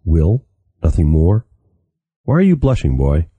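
A man's voice: low-pitched, huge pitch swings, a little slow, husky, dry recording, narrow, tinny audio, full character voice. An author reading a book aloud, giving voice to a stern, blunt male warrior of great size. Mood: gruff. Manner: blunt, menacing.

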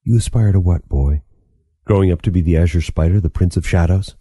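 A man voicing a stern, menacing male elf leader who gives slow commands. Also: low-pitched, mellow, husky, no room sound, clean studio sound.

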